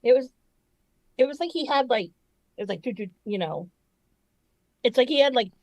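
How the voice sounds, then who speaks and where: Animated woman swearing through a story. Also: on the high side, brisk, no room sound. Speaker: podcast co-host. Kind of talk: casual chat.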